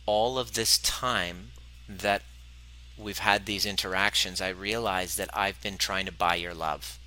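Earnest low-voiced male podcast host. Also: steady tone, measured pace, bright, forceful tone. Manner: earnest, acts out client dialogue. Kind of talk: personal storytelling monologue.

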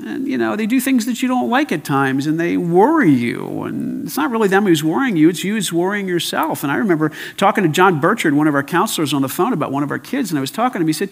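An older man preaching a sermon as pastor, emphatic, swinging between loud and hushed. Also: high voice, sing-song, fast talker, vocal fry, hardly any pauses. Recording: long hall reverb.

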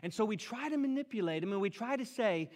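A middle-aged man preaching a sermon as a pastor, animated, acting out prayers in a raised voice. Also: high-pitched, quick pace. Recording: long reverb of a hall.

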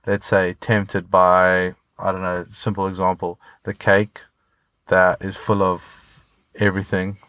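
A man's voice: sits low, a bit bright, smooth, no room sound. A man, a fitness coach, talking earnestly and motivationally as a podcast guest, with some casual swearing.

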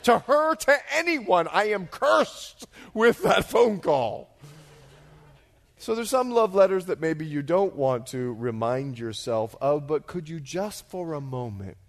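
A middle-aged male pastor preaching a sermon as an animated storyteller, dropping to a hush and then rising to loud, excited bursts. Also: fairly high pitch, slow. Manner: animated storyteller, swings from hushed to shouting.

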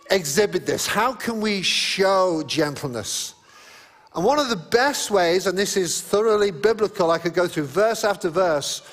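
A man's voice: sits high, a bit bright, long reverb tail. A middle-aged male pastor preaching a sermon, speaking conversationally, telling stories and reading scripture aloud.

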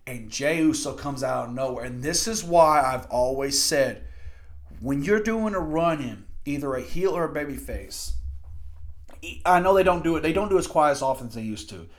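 A man with a slightly high-pitched voice talks through a wrestling event in a casual review. He recaps the action play by play, gets excited and swears freely. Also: normal speed. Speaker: wrestling podcast host.

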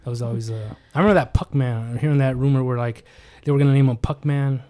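A man chatting casually on a podcast, rambling, with quick jokey asides and sentences that trail off quietly. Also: medium pitch. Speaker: podcast co-host. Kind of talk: casual chat.

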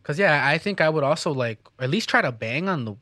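A man's voice: a little high, animated, fairly quick, pushed and bright, dry recording. A man in casual chat while watching a movie with friends, talking in a chatty, questioning way.

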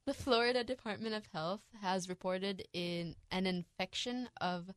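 A young woman co-hosting a casual news podcast, chatty and quick to laugh, with lots of fillers. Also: mid-range voice, smooth, no room sound. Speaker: podcast co-host.

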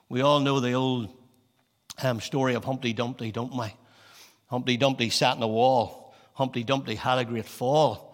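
A man preaching a sermon, rising to impassioned scripture and dropping to quiet, intimate appeals. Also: mid-range voice, steady tone, normal speed. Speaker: pastor. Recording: long reverb of a large hall.

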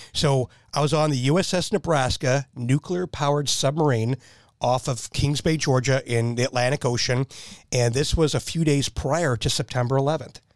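A man telling animated stories in a casual chat and laughing at his own jokes. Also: mid-range voice, no room sound, clean studio sound.

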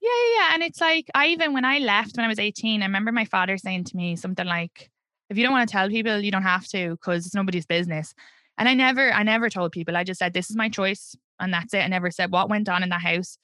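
Clean studio sound with no room tone carries the quick, mid-range voice of an Irish comedian in her thirties. As a guest in a candid interview conversation, she tells personal stories animatedly, bluntly and with plenty of profanity, in her Irish accent.

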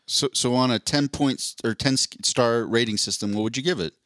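A young man co-hosts a casual podcast and talks with eager enthusiasm about shows and the actors in them. His pitch sits in an ordinary middle range. The recording is dry and close, with no echo. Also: brisk, fairly bright tone. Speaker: podcast co-host. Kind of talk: casual chat.

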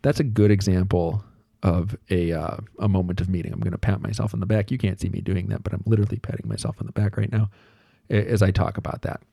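A man's voice: on the low side, little pitch movement, quick pace, gravelly, warm tone, dry recording, clean studio sound. A man in his thirties hosting a solo podcast, telling a story from home life in a conversational, self-deprecating way with asides. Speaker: podcast host.

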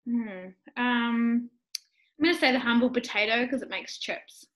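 A woman from New Zealand, a guest on a casual remote podcast interview, playful with cheeky quick answers. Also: a little high, a bit bright, rough recording.

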